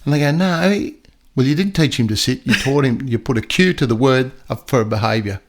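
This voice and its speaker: An older man talking casually on a podcast, with a voice of middling pitch. He spins stories and jumps into quick voices for the dogs and people he describes. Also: expressive. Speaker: podcast guest storyteller and dog trainer. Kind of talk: casual chat.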